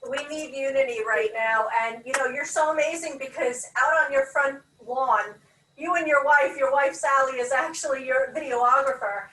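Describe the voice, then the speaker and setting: A woman's voice: sits high, normal speed, pushed and bright, echoey room, recorded from a distance, a little hiss or hum, low-quality recording. A woman hosting a talk show, introducing and interviewing a guest in an enthusiastic, laughing manner. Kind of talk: upbeat interview.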